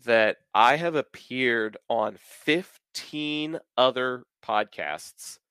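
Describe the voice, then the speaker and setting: A man's voice: medium pitch, extremely slow, pushed and bright, clean tone, no room sound. Chatty Southern-born man, podcast host. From American South. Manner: talkative, explains at length with filler words. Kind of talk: casual podcast chat.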